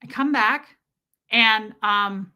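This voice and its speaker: A woman hosting a livestream, telling a story as a casual rant, chatty and quick, full of restarts and "like". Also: a little high, pushed and bright, clear, resonant tone. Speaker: livestream host.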